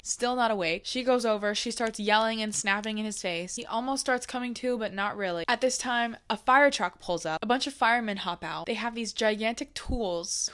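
A young woman tells a personal story straight into a desk microphone. She talks casually and acts out other people's lines with lively bursts. Her voice sits at a middling pitch. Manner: animated, acts out quotes with laughs. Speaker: vlogger.

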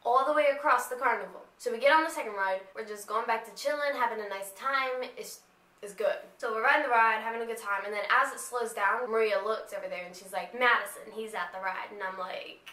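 A young woman from North Carolina tells a story in a casual, chatty way, laughing often and saying "you know" a lot. Her voice is high and bright. It echoes in a room at home, picked up by the camera's built-in mic. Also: brisk. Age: young adult. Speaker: vlogger.

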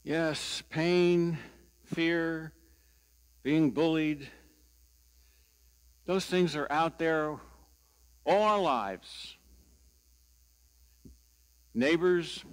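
An older man preaching a sermon as pastor, telling stories slowly and deliberately with a wry sense of humor. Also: on the high side.

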